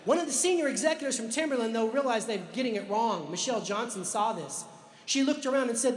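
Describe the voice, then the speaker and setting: A man's voice: extremely high pitch, expressive. Dramatic male storyteller in an echoey hall. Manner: dramatic storyteller, slows down for emphasis. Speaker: author and speaker. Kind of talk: storytelling talk to a live audience. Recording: echoey hall with long reverb.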